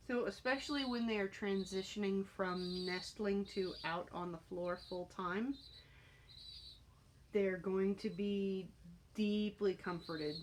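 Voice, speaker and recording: A woman talking casually while training a young pigeon, calm and explanatory, breaking into high cooing baby talk at the bird. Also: takes it slowly, slight background noise.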